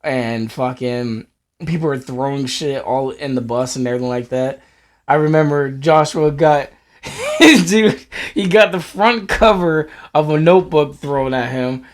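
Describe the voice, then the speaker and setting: A man's voice: on the high side, animated, a little slow. A young man co-hosting a casual chat, laid back and profane, laughing as he remembers school bus stories. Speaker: podcast co-host.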